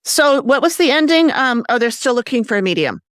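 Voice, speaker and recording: A woman's voice: sits high, very animated, a little fast, no echo, studio quality. A woman co-hosting a casual podcast, chatty and agreeable, also reading the show's outro. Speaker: podcast co-host. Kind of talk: casual chat and scripted outro.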